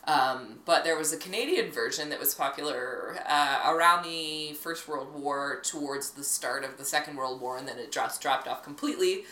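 A woman co-hosting a casual chat podcast, animated and swearing freely, with bursts of jokey posh voices. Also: low voice, normal speed, hardly any pauses, echoey room. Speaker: podcast co-host.

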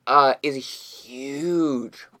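Bright-voiced man telling rambling stories. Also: medium pitch, very slow. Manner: rambling, profane, full of restarts. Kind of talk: casual chat, storytelling. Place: podcast studio.

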